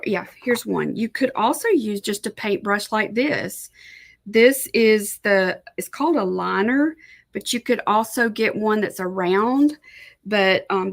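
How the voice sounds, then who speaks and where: A woman's voice: mid-range voice, vocal fry, a bit bright. A middle-aged woman giving a chatty live painting tutorial, thinking aloud and correcting herself as she goes. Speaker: art instructor.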